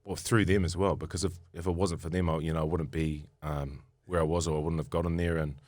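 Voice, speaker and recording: A man's voice: very deep voice, fairly even intonation, fast, darkish tone, no room sound. A man with a New Zealand accent telling stories on a podcast, rambling with many fillers and restarts. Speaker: guest rugby player. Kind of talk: casual podcast storytelling.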